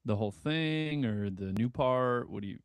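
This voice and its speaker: A man chatting casually over an online voice call as a musician giving feedback, talking in a halting way with many fillers. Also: medium pitch, animated, clean tone, no room sound, studio quality. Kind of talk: casual chat.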